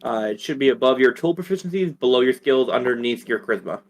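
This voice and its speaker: Brief: man as game master, animated and rambling. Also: medium pitch, quick pace. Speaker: dungeon master. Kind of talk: narrating a tabletop game.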